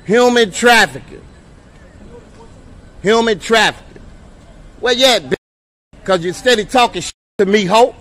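A man in a heated street confrontation, shouting and taunting with profane insults. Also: sits high, expressive, measured pace, long pauses. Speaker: man confronting police officers.

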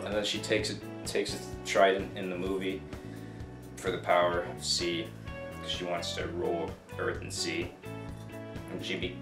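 A man's voice: low-pitched, completely flat delivery, moderate pace, creaky, long pauses. A young man casually rambling through a jokey retelling of a story, often breaking off mid-thought. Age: young adult. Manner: rambling, self-interrupting, jokey. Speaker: student video maker. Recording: echoey room with music.

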